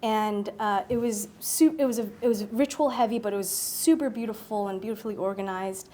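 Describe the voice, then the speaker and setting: A woman speaking at a public talk, telling a personal story in an animated way, acting out her own thoughts and laughing often. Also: mid-range voice, brisk.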